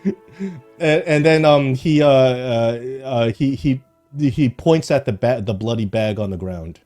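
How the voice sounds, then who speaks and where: A man's voice: medium pitch, unhurried, warm tone, soft background music. A man narrating a tabletop game as game master, rambling through scenes with fillers and restarts.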